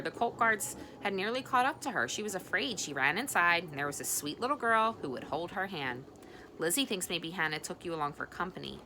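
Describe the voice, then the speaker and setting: Woman reading as a gentle teenage boy. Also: deep voice, a little hiss or hum. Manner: soft, coaxing.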